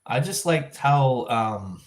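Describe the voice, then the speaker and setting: A man hosting a live vlog stream, chatting casually and thinking out loud with lots of restarts and self-corrections. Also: medium pitch, animated, takes it slowly. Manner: rambling, thinking aloud with frequent restarts. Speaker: livestream vlog host.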